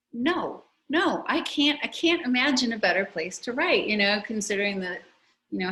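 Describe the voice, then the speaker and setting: A woman author speaks over a video call, her voice sitting on the lower side. She tells her stories in an animated, chatty way, restarting sentences and tossing in asides as she goes. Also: poor audio. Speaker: author discussing her memoir. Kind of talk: conversational video-call interview.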